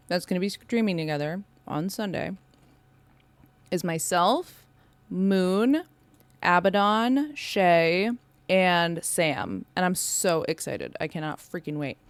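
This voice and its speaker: A woman casually chatting as a live streamer, bubbly and excitable as she talks to her viewers. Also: fairly low pitch, dry recording.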